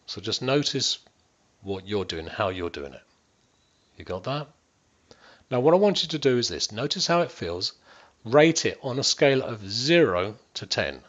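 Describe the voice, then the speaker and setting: A man working as a wellbeing coach, walking listeners through a guided stress-management exercise. He speaks to them directly, checks in often and drops to near-whispers and slow, stretched words to demonstrate. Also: fairly low pitch, very animated, fairly bright tone, lo-fi sound.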